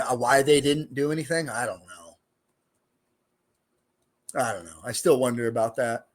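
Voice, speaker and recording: Middle-aged man, former inmate guest, loose street slang, swears freely, rambles through stories. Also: mid-range voice. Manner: streetwise, profane, rambling with fillers. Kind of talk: casual storytelling interview.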